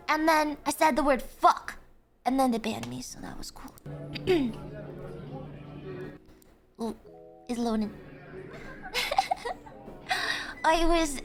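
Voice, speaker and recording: A woman's voice: high-pitched, fairly bright tone. A woman with an Irish accent, hosting a casual live stream as a playful tour guide, laughing often and swearing casually as she banters with chat.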